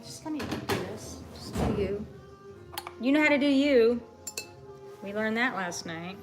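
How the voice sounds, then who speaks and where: A woman's voice: fairly high pitch, animated, a little slow, music in the background. A woman from the Boston area co-hosting a home cooking show, teasing her partner in a dry, wry way while she juices citrus. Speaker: co-host. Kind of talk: casual cooking banter.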